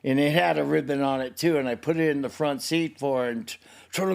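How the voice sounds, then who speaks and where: An older man, the host's father, tells his son a personal story in a fairly high, creaky voice at a slightly fast pace. He rambles, swears freely, gets emotional and acts out the people he describes.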